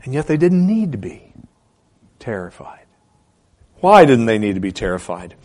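A man preaching a sermon as pastor, asking rhetorical questions and repeating key phrases for emphasis, swinging between loud and soft delivery. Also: medium pitch, sing-song, normal speed.

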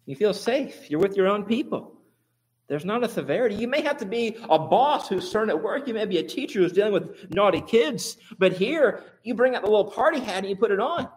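A man preaching a sermon, lively and rhetorical, swinging between quiet asides and emphatic exclamations. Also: sits high, fairly quick. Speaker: pastor.

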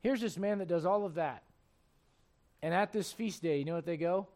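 A man preaching a sermon, chatty and repetitive with asides to the listeners, swinging from hushed tender passages to loud shouting bursts. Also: sits high, moderate pace. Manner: repeats words, folksy asides to the congregation.

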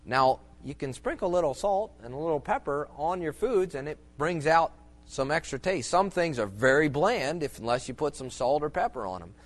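With a slightly high, animated voice at normal speed, a preacher teaches on church music in a loose sermon format. He meanders in a folksy way, restarting often, using lots of fillers and everyday examples.

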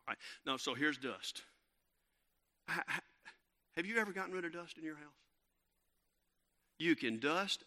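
A middle-aged man, preaching a sermon and telling a lively family story with many fillers and restarts. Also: medium pitch. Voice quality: bright, animated storytelling with frequent fillers and restarts.

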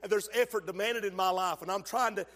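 A man preaching a fervent sermon, swinging from shouts to low asides and calling out to the congregation. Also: a little fast. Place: church sanctuary. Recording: long hall reverb.

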